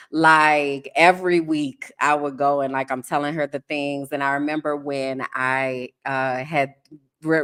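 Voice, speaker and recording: Low-voiced woman, candid podcast host. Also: clear, resonant tone. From United States. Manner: candid, animated storytelling with sudden laughs. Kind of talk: casual podcast chat.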